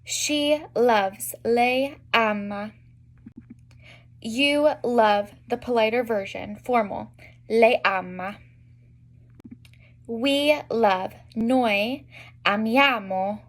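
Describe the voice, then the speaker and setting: A young woman teaching an online language lesson, spelling out examples slowly with frequent fillers. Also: fairly high pitch. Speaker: Italian teacher.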